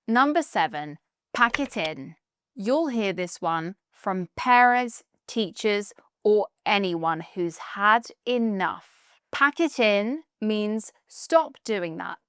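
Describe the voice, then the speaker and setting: British female tutor, smooth and clear, unhurried, upbeat, emphatic. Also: mid-range voice, a bit bright, no room sound, clean studio sound. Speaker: English tutor. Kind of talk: online English lesson.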